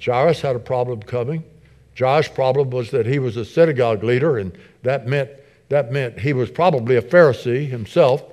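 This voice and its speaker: Earnest middle-aged pastor preaching. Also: male voice, mid-range voice, brisk. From United States. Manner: earnest, repeats phrases and rises in intensity; soft, subdued when praying. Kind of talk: sermon.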